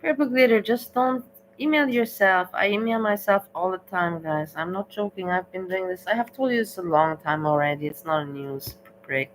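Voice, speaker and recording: A woman's voice: mid-range voice, normal speed, a little hiss or hum, rough recording. A woman reacting to a stream, making wry asides and talking back at the video. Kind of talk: casual reaction commentary.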